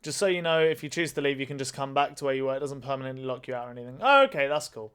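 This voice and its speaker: A man's voice: mid-range voice, animated, very fast, fairly bright tone, clean tone. A man commenting on a mystery game as he plays, thinking aloud and swearing freely. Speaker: let's play host. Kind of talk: gaming commentary.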